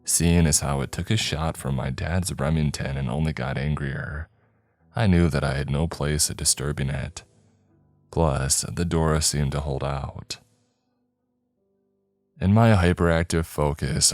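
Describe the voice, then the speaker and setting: A man narrating a horror story in a slow, measured storytelling voice. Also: rumbling low, darkish tone, no echo. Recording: dry close mic, faint background music.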